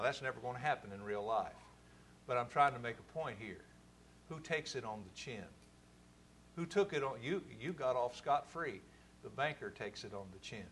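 A man preaching a sermon, building to forceful, emphatic stresses. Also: medium pitch, a little hiss or hum.

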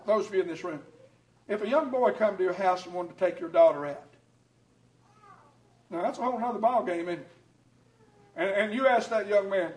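High-voiced preacher in an echoey hall. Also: male voice, lively intonation. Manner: preaches with rising shouts and quick asides to the congregation. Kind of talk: sermon. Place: church hall. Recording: echoey hall, mic at a distance.

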